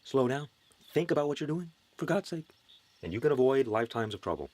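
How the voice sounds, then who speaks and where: A man's voice: mid-range voice, brisk, a little mellow. Earnest man giving a spiritual pep talk. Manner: preachy, earnest, wry asides. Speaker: spiritual motivational speaker.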